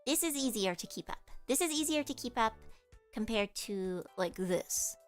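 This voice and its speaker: A woman's voice: on the high side, expressive, moderate pace, faint music behind. A woman streamer chatting casually with her viewers in a nasal voice, explaining things as she goes. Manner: chatty, explains with vocal demos.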